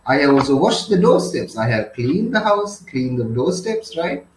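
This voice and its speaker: A man's voice: on the high side, very animated, moderate pace. A man with a Sri Lankan accent and Sinhala as his first language, tutoring a novel passage with strings of synonyms and constant tag questions. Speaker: English literature tutor. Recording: roomy echo.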